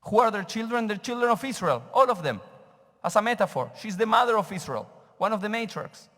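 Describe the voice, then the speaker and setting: A man's voice: high voice, lively intonation, brisk, fairly bright tone. A man, teaching a sermon as a rabbi and questioning his congregation. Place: synagogue sanctuary. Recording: reverberant sanctuary.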